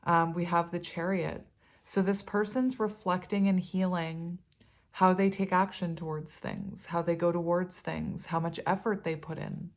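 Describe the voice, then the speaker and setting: A woman's voice: on the low side, steady tone, a little slow. Giggly, chatty woman reading tarot. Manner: chatty, often breaks into giggles; loose and rambling, many ums and self-corrections. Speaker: tarot reader. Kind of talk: casual tarot reading to viewers.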